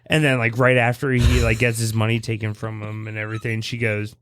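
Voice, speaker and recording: A man's voice: lowish voice, fairly quick, clear, resonant tone, no room sound, studio quality. A man co-hosting a podcast, casually retelling movie scenes with lots of laughter. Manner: animated storyteller, laughs often. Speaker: podcast co-host.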